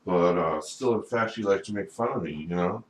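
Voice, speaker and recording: A man's voice: deep voice, normal speed. A man talking in a rambling, profane solo monologue, often filling with "you know". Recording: echoey room, voice far from mic, faint background noise.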